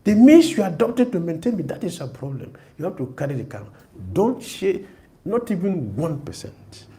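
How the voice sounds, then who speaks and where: A man voicing a grown child who loudly refuses to share his father's sin. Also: big pitch swings, normal speed, a little hiss or hum. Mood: outraged. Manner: loud, high, protesting.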